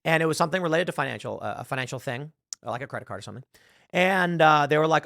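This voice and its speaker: A man's voice: fairly high pitch, quick pace, creaky, no room sound. Sarcastic man on a dry studio mic. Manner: sarcastic, animated retelling with quoted voices. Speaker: podcast host. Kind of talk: commentary reading an article aloud.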